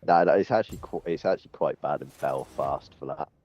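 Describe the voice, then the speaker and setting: Deep, sarcastic Gloucestershire lad on voice chat. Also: male voice, brisk, darkish tone, dry recording. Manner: sarcastic, laughing, swears freely. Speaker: friend on voice chat. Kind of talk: casual gaming banter. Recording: dull voice-chat audio.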